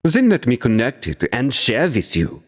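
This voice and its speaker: A man performs a chittering insect-headed demon soldier with a German accent, pushing his voice well above his own and talking in short, clipped, broken phrases. It sounds like a dark fantasy audiobook, with the voice sitting in a long, echoing hall reverb. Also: medium pitch, huge pitch swings, moderate pace, pitched above the performer's own voice. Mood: insistent.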